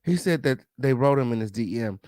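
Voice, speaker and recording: Brash, foul-mouthed gossip host, dry sound. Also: male voice, mid-range voice, animated, fairly quick, darkish tone, dry recording. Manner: brash, sassy, swearing, repeats "okay" and "period". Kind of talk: profane celebrity gossip commentary.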